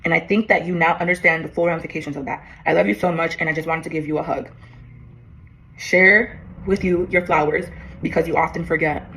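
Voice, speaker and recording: A woman's voice: deep voice, steady tone, a little fast, gravelly, bright, forceful tone, breathy edge, rough recording. A young woman in her twenties vlogging as she reads an old letter to herself aloud, emotional, swearing and laughing in disbelief.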